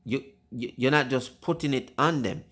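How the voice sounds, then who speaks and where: Man, father, casual family chat, rambling, repeats himself, mid pitch. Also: normal speed, a bit bright. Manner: rambling, repeats phrases, stumbles over words. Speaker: father hosting a family video.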